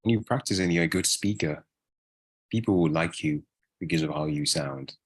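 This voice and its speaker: A man's voice: low-pitched, normal speed, husky, dry recording. A man from Africa, a guest answering interview questions casually, often tagging his sentences with a question. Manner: relaxed, often ends phrases with a tag question.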